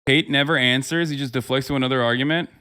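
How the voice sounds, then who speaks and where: A man's voice: mid-range voice, steady tone, quick pace, pushed and bright, clear, resonant tone. A man in his thirties hosting a livestream, talking in a heated, sarcastic and profane way. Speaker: livestream host. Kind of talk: casual streamer commentary.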